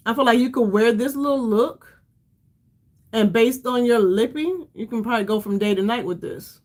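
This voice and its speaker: A tired middle-aged woman chats her way through a makeup livestream. Her voice sits on the high side, and she rambles as she talks to her viewers. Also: moderate pace, darkish tone. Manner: chatty, addresses viewers as y'all, rambling. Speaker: beauty livestream host. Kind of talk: casual livestream makeup chat.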